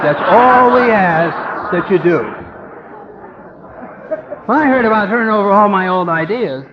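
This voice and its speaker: A man stands before a recovery meeting and tells his story with humor and animation, his voice sitting fairly high. The old tape is dull and muffled, and a long echo from the hall hangs behind every phrase. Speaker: AA speaker.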